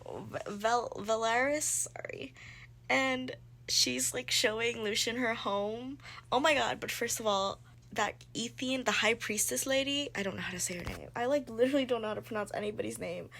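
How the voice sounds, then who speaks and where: A young woman recapping a book she is reading, gushing and excitable and peppering her talk with "like". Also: on the high side, moderate pace, vocal fry. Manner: gushing, excitable, heavy use of "like". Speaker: book vlogger. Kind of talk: casual chat recapping a book.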